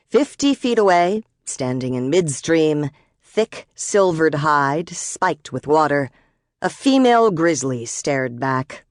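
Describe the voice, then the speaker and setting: Audiobook narrator: woman, low voice, measured and expressive, dry studio sound. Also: no echo.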